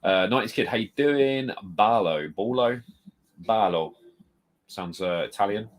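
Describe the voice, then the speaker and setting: Sitting in a home room packed with retro games, a man live-streams with a desk mic moved close, rambling casually and reading out viewers' comments to greet them. His voice is lowish and expressive, at a moderate pace.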